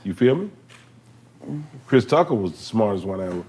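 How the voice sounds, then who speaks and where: A husky-voiced man in his fifties trades comedy stories in a relaxed conversation. He tells them with animation, jumping into characters' voices as he goes. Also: on the low side, normal speed. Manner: animated storyteller, voices characters with big laughs. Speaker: guest comedian. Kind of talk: storytelling comedy chat.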